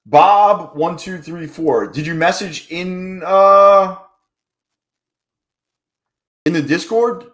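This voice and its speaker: A man's voice: high voice, drawn-out words, long pauses, fairly bright tone. A man hosting a live trading stream, talking in loose, profane, joking banter with his chat. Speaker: livestream trading host.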